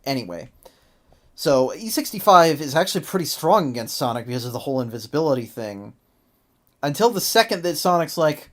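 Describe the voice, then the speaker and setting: An animated podcast host talking through a cartoon episode with co-hosts in relaxed review chat. The voice sits at an ordinary middle pitch and moves from flat recap to sudden incredulous outbursts, with frequent laughs. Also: fairly quick. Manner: animated, exasperated, laughs often.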